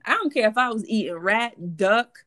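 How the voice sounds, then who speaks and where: A woman hosting a podcast in casual chat, telling lively stories and laughing often. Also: medium pitch, normal speed, dry recording, clean studio sound. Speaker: podcast host.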